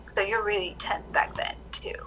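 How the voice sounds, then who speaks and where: Woman, acupuncturist, casual storyteller, lots of fillers, bright tone, tinny phone sound. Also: mid-range voice, moderate pace, a little hiss or hum. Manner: animated storytelling, many "like" fillers. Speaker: acupuncturist guest. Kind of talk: casual interview chat.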